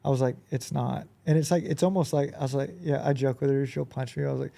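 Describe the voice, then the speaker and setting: A podcast guest who owns a business tells casual stories in a gravelly, medium-pitched voice at a quick pace. His anecdotes are animated, packed with fillers and quoted dialogue.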